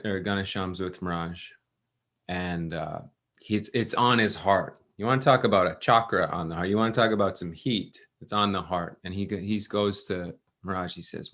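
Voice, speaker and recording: A man giving a scripture class at a temple, telling a story with lively restarts and acted-out quotes. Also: low voice, vocal fry. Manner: animated, restarts, acts out quotes.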